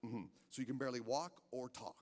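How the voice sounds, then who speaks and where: A man's voice: mid-range voice, fairly quick, a little mellow. A man doing a rambling stand-up set in a casino, stammering through restarts. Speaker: stand-up comedian. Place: casino stage. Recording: long hall reverb from a live venue.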